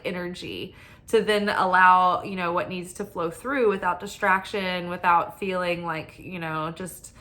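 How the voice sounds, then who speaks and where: A woman's voice: mid-range voice, pushed and bright. A woman giving a spiritual tarot reading, talking in a rambling, earnest way with many fillers. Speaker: tarot reader. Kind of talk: spiritual guidance talk.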